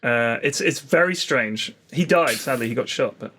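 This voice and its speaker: A man's voice: mid-range voice, expressive, moderate pace, a bit bright. A young man co-hosting a casual podcast chat, telling jokey stories with swearing and slipping into put-on voices. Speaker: podcast co-host.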